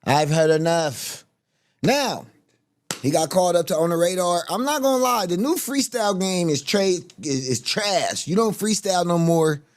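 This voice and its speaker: High, lively-voiced man ranting on stream. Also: moderate pace. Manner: profane, blunt, mocking rant. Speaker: host reacting to music videos. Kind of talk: casual reaction commentary.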